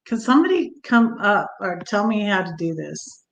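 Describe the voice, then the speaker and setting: A woman's voice: medium pitch, big pitch swings, normal speed, vocal fry, lo-fi sound. A woman hosting her first casual livestream, a bit scattered about the tech and sympathetic toward her guests. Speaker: livestream host. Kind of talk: casual live-stream chat. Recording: roomy echo.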